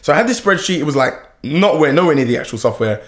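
Brief: young founder, lively storyteller, laughs a lot, voice jumps up and down. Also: male voice, fast. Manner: animated, laughs often, lively pitch swings. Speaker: founder, interview guest. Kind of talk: casual interview storytelling.

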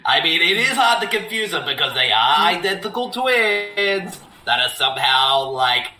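A man's voice: on the high side, sing-song, unhurried, pushed and bright, echoey room, slight background noise, rough recording. A man riffing and joking over a movie, rambling with lots of fillers.

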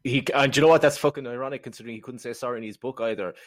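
A man co-hosting a film podcast, talking in a quick, wry, sardonic way and going off on comic tangents. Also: medium pitch, fairly even intonation, no room sound, studio quality. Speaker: podcast co-host. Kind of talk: casual film review chat.

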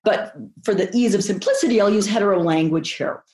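A woman sex therapist speaking frankly in an interview, expressive and emphatic, with vivid asides. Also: mid-range voice, brisk, reverberant. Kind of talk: candid conversational interview talk.

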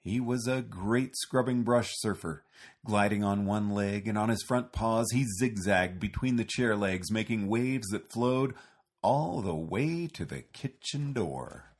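Male storybook reader, deep, husky voice. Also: expressive, unhurried. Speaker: narrator. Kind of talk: storybook reading.

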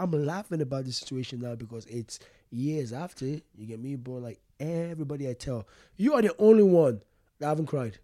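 Young man, halting and candid. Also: medium pitch, animated, mellow, no echo, clean studio sound. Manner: halting, repeats words, frequent "you get me", laughs often. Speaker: stand-up comedian, guest. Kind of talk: candid interview conversation.

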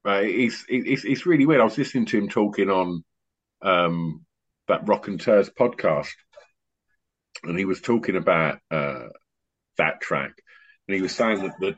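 A middle-aged man hosting a podcast on a video call, a rambling, animated storyteller who often restarts his sentences. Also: deep voice, normal speed, long pauses. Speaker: podcast host and DJ. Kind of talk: casual chat on an online call. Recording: muffled lo-fi online call audio.

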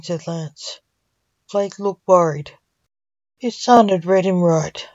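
Slow-reading woman storyteller. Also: on the low side, a little mellow, dry recording. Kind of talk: reading her own fan story aloud. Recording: dull dry lo-fi recording.

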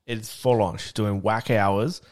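A man's voice: on the low side, fairly even intonation, measured pace. A man co-hosting a podcast, telling stories in casual chat, swearing freely and laughing often. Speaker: podcast co-host.

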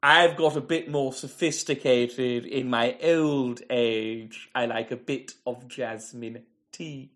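A man's voice: medium pitch, fairly even intonation, takes it slowly, hardly any pauses, a bit bright. A man voicing a pompous, eccentric older theatre critic who is secretly a murderer, in a comedy podcast bit. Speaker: co-host.

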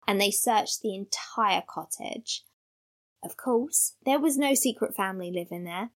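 Female podcast co-host, gravelly, lively casual storyteller. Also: mid-range voice, measured pace. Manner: animated storyteller, laughs mid-sentence, acts out voices.

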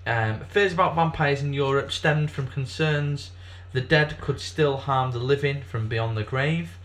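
A man's voice: mid-range voice, unhurried, a bit bright. A man co-hosting a casual comedy podcast, rambling through facts with lots of fillers and swearing. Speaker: podcast co-host.

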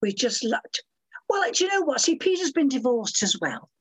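An older woman in her seventies, a guest who talks bluntly and bawdily and throws herself into the voices of the people she quotes. Her voice is husky and slightly breathy. Her pitch swings widely from phrase to phrase. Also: big pitch swings, moderate pace, low-quality recording. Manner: blunt, bawdy and theatrical, acting out quoted voices. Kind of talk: casual interview chat.

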